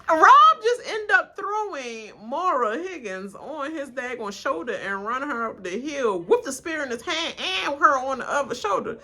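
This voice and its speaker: A woman hosting a casual reality TV reaction video, animated and laughing, loudly mimicking the cast as she comments. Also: on the high side, normal speed. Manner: animated, laughing, mimics cast members with loud yelled names.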